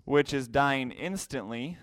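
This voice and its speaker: A man's voice: mid-range voice, slow pace, dry recording. Male Bible teacher at a whiteboard; explanatory, repeats key terms; close, dry sound. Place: classroom with a whiteboard.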